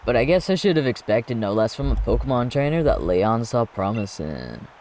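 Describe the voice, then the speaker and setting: A man's voice: medium pitch, big pitch swings, normal speed, a little mellow, a little hiss or hum. A man doing a cocky surfer-dude gym leader. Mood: boastful. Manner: laid-back surfer drawl.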